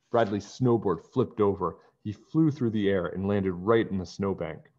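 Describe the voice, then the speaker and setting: A man reading a children's book aloud in a calm, even narrating voice. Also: low voice, moderate pace, few pauses. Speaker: storybook reader. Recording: dull lo-fi recording.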